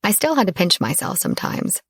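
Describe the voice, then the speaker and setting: A woman narrating a first-person romance audiobook in a soft, intimate storytelling manner. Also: mid-range voice, huge pitch swings, brisk, gravelly, breathy edge, no echo.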